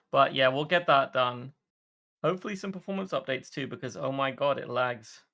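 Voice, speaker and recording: A man hosts a gaming community's online meeting in a casual, chatty way. His voice has a bright, forceful edge. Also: medium pitch, animated, normal speed, gravelly. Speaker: server staff host. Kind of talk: casual livestream announcement.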